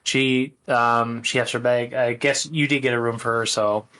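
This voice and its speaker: A man's voice: mid-range voice, little pitch movement, normal speed, pushed and bright. A man narrating a tabletop game as its game master, hesitant and full of filler words.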